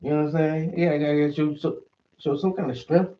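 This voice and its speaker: Speaking a little fast with fairly even intonation, a stream host with a fairly high male voice rants casually and swears, performing the voices he quotes. The sound is dull and distant-miked.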